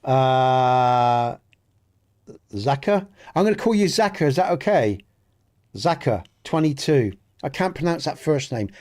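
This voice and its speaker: A man's voice: medium pitch, a little mellow. A man with a Dorset accent chatting with live viewers while streaming a game, talking in an earnest, rambling way and often restarting his sentences. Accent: Dorset English. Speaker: gaming streamer. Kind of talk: casual chat with live viewers.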